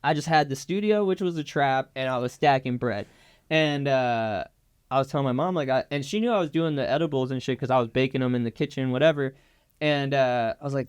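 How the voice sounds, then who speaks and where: A man's voice: medium pitch, brisk, clear, resonant tone. A young man in a casual interview, telling a story in a laid-back, slangy way with lots of fillers. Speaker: guest.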